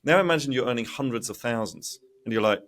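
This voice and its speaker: A man speaking as a guest in a podcast interview, telling his story with animated delivery and acted-out quoted voices. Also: mid-range voice, fast talker. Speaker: guest, investment educator.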